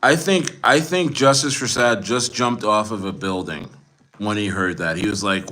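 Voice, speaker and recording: A man's voice: lowish voice, moderate pace, sharp tone. Boastful rambling man in his forties. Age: 40s. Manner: boastful, rambling, frequent restarts. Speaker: livestreamer. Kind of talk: livestream chat with viewers.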